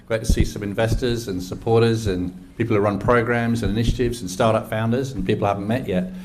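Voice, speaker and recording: A man's voice: lowish voice, fairly even intonation, fast, a little hiss or hum. A man in his sixties with an English accent, giving a chatty, enthusiastic, self-deprecating talk to a live audience at an event. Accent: English, West Country. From England. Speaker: ecosystem engagement lead giving a talk.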